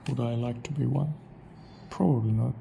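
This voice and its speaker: A man's voice: mid-range voice, fairly even intonation, moderate pace, gravelly, noisy background. A man rambling in a solo vlog monologue, asking himself questions and correcting his own word choices. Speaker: vlogger.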